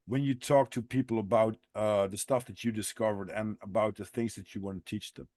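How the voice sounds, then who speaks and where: A man hosting a podcast, talking in a rambling, halting way with lots of restarts in a casual interview. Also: lowish voice, fairly even intonation, a little mellow. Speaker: podcast host.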